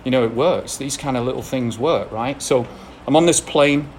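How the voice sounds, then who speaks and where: A man with an English accent gives a candid personal testimony to an audience, mixing blunt confession with self-deprecating laughs. His voice sits at an ordinary middle pitch. A faint hiss of background noise runs under the recording. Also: moderate pace. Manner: frank, self-deprecating storytelling with frequent laughs. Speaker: speaker sharing a recovery story.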